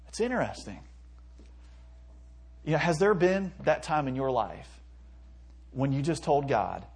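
A man's voice: fairly high pitch, animated, a little slow, pauses often, darkish tone, husky. A man preaching an earnest sermon to teenagers, reading scripture aloud and acting out heartfelt prayers. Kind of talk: sermon to youth.

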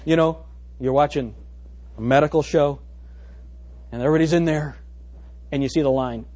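A male pastor preaching a sermon to his congregation, animated, firing rhetorical questions and calling for amens. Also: a little high, normal speed. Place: church service before a congregation.

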